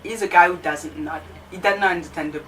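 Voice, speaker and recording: Speaking fairly quickly in a low, slightly bright voice, a young woman who vlogs as a student shares a chatty tale about her teachers, full of "you know." Faint background noise comes through the distant mic.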